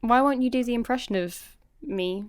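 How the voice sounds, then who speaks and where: A woman's voice: fairly high pitch, normal speed, no echo, clean studio sound. A woman with a British accent co-hosting a podcast, chatting in an easygoing, teasing way and laughing often. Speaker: podcast co-host. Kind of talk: casual chat.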